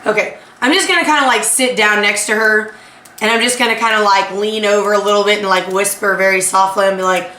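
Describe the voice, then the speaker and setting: A woman playing a tabletop role-playing game, casually talking through what her character does, halting and full of fillers. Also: medium pitch, steady tone, sharp tone. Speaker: player. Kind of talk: tabletop role-play chat. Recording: echoey room, mic at a distance.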